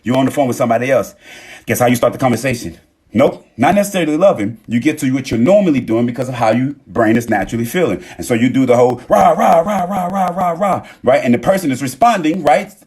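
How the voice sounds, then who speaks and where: A young man talking casually on a live stream, rambling and emphatic as he acts out what others say. His voice has a husky, slightly rough edge. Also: medium pitch, lively intonation, quick pace, a little mellow. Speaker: TikTok live host.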